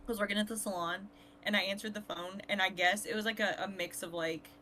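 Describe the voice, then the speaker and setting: A woman's voice: medium pitch, fairly even intonation, fast, bright, forceful tone, slight background noise, poor audio. A woman guest on a podcast, telling stories in chatty, casual talk. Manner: chatty storyteller. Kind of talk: casual chat.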